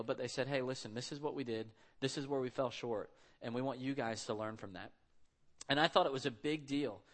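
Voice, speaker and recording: A man in his thirties preaching a sermon in a conversational, storytelling way. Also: mid-range voice. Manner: conversational storytelling, acts out quotes. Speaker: pastor.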